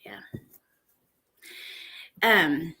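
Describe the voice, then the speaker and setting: A woman's voice: low voice, sing-song, extremely slow, pushed and bright, breathy edge. A woman hosting a casual livestream from home, chatting with viewers and greeting them by name, with lots of fillers. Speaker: true crime livestream host. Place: at home, indoors. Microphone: computer camera setup for a livestream.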